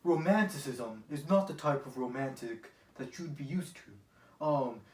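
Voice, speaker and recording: A man's voice: medium pitch, lively intonation, measured pace, a little mellow, a little hiss or hum, natural voice. A man playing an earnest male romantic poet who speaks as a guest in a lecturing, explanatory way. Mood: explaining.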